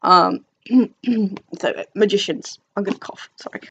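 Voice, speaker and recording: A woman's voice: mid-range voice, lively intonation, slow, a bit bright, dull audio, slight background noise. A young woman from England chatting casually about books, rambling and self-deprecating with many fillers and restarts. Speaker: book vlogger. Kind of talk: casual chat. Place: dim room at home.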